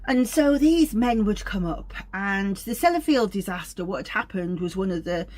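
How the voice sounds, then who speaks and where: A woman's voice: medium pitch, lively intonation, normal speed, darkish tone. A woman, an aromatherapist, giving an informal teaching talk in a meandering, anecdotal way.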